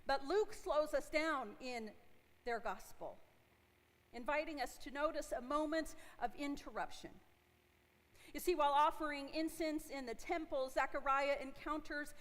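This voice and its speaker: A woman's voice: high-pitched, normal speed, fairly bright tone. A woman in her forties, a pastor giving a conversational sermon and asking her congregation questions. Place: church sanctuary. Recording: long hall reverb from a church.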